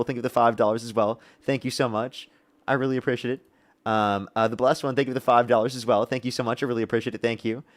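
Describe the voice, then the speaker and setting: A man's voice: medium pitch, no room sound. A male livestream host arguing in a debate, combative and profane, then thanking donors.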